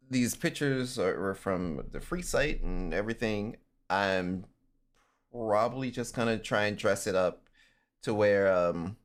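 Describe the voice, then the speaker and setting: Male streamer, casual chat, lively pitch, laughs a lot, curses freely. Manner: animated and swearing, laughs often. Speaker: livestreamer.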